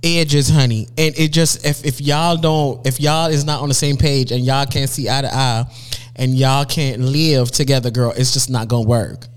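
A man's voice: mid-range voice, steady tone, moderate pace, smooth. A man hosting a podcast in casual chat, sassy and teasing, with lots of slang. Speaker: podcast host.

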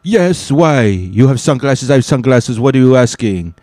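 A man's voice: mid-range voice, expressive, normal speed, mellow, no echo, pitched above the performer's own voice, lightly acted. A man voicing a self-important male ride attendant with a French accent, insistent and repeating himself. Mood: stubborn. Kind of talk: comic storytelling.

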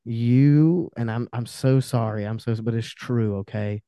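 A man's voice: mid-range voice, unhurried, dark tone, clean tone, no echo, studio quality. A man who is a podcast guest, talking in a casual, heated, emphatic way and swearing often. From Romanian family background. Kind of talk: casual, profane podcast rant.

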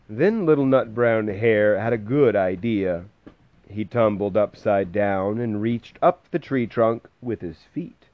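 A man reading a bedtime story aloud to a toddler at home, gentle and lilting, stopping to chat with the child between pages. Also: on the low side, takes it slowly, no room sound, phone-quality sound.

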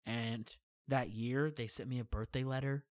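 A young man's medium-pitched voice, at normal speed and recorded dry, carries a long travel story he tells casually as a guest. He wanders off course, uses many fillers, and brings quotes to life by acting them out.

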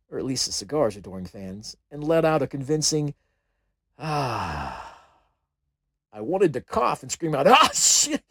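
A man's voice: on the high side, darkish tone, dry recording. Wry American man narrating a memoir. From United States. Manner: wry, self-deprecating storytelling. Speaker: chaplain and author. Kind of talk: humorous memoir audiobook narration.

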